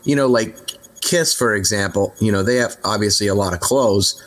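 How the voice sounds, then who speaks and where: A rock singer being interviewed, telling rambling road stories in a relaxed, candid way, full of fillers and restarts. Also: male voice, fairly low pitch, normal speed. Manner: relaxed, candid, mildly profane. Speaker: rock singer, podcast guest. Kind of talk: casual interview storytelling.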